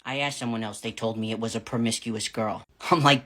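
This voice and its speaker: A man from New Hampshire with a New England accent, telling casual storytime tales in a wry, profane way that grows louder and more animated. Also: medium pitch, fairly quick, few pauses. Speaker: vlogger.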